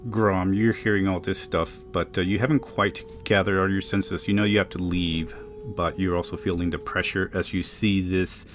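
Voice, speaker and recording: A man narrating a tabletop game as game master, describing scenes dramatically. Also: sits low.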